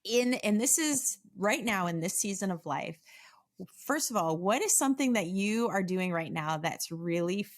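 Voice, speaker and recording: A woman's voice: mid-range voice, expressive, moderate pace. A middle-aged woman hosting a podcast interview, chatting casually with frequent laughs and many "like" fillers. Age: 40s. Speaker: podcast host.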